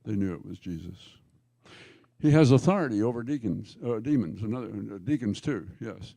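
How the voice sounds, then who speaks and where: A male pastor preaching a sermon in church, telling the stories emphatically with jokey asides and quick self-corrections. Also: fairly low pitch, animated, gravelly, dark tone, dry recording.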